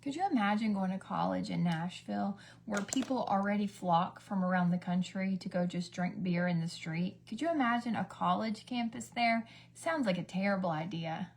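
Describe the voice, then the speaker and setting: With a medium-pitched, gravelly voice at a moderate pace and hardly any pauses, a beauty vlogger talks over a faint hiss or hum. She does her makeup during a casual livestream, chatty and rambling between stories, now and then lowering to a whisper.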